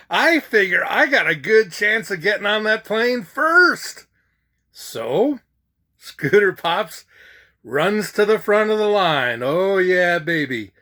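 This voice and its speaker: Slow, lively older comic storyteller man. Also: high voice. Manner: animated, laughs at his own jokes. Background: faint guitar music.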